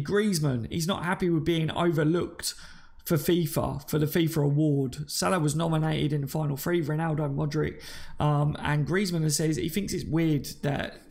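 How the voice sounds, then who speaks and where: A man hosts a live fan stream in a loose, matey way, greeting viewers by name and reading their comments aloud. His voice sits a little high with a gravelly edge. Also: darkish tone. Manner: chatty and matey, calls listeners mate and buddy.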